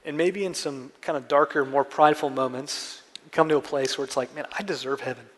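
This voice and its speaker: A male pastor preaching in a conversational, earnest way, with a voice that sits somewhat high. His words carry through a church with a long, ringing reverb. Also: steady tone, a little fast, a little hiss or hum. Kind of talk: sermon.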